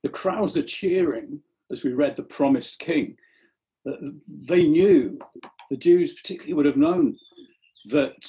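Earnest, slightly high-voiced male preacher. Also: creaky, dark tone. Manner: earnest, repeats the first words of phrases. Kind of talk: sermon.

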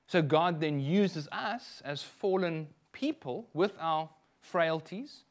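A middle-aged man with a South African accent preaches in an animated, storytelling way, stepping aside into personal anecdotes. His voice sits a little high for a man. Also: takes it slowly. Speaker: minister.

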